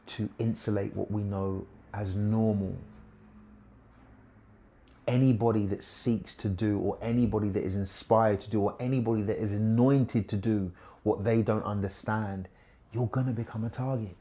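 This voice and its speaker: A man teaching a Bible study, animated, swinging from hushed to loud with laughing asides. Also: lowish voice, a little hiss or hum.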